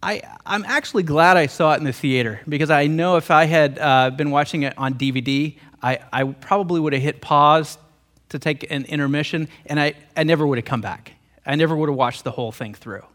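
A man's voice: fairly high pitch, fairly quick, fairly bright tone. A man, a pastor and theologian, preaching an emotional storytelling sermon, often stumbling into repeated words.

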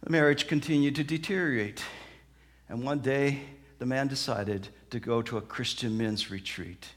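A man preaching a sermon, telling stories and acting out the people in them, moving between soft, slow passages and loud outbursts. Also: medium pitch. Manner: dramatic, acts out quoted voices, swings from soft to loud. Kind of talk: sermon with storytelling.

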